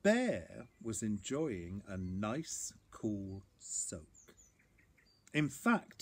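Man reading a kids' storybook, animated and expressive, lots of pitch movement. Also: extremely slow, breathy edge. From England. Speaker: author reading his picture book.

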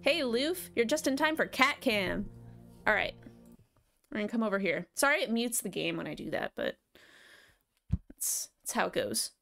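A woman's voice: on the high side, expressive, moderate pace, vocal fry, long pauses, a bit bright, soft background music. A young adult woman streamer chatting casually and affectionately on a live stream, swearing now and then.

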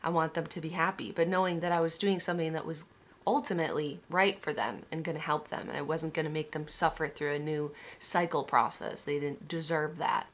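Vlogger, young woman, slightly low voice; candid, swears, trips over her words. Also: fairly even intonation, brisk. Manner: candid, swears, many restarts and "like". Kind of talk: emotional personal story vlog.

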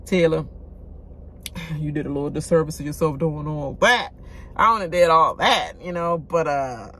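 A woman's voice: low voice, fairly bright tone, a little hiss or hum. A woman giving a blunt, casual rant about a reality show, talking straight to her viewers and swearing freely. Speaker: reality TV commentator.

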